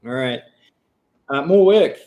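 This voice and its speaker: A middle-aged man with a New Zealand accent talks easily as he co-hosts a vlog, his voice pitched in the middle range. He stops and restarts often, filling the gaps with ums and uhs, in an unhurried, chatty way. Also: poor audio. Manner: relaxed, chatty, halting with fillers. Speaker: vlog co-host. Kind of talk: casual chat.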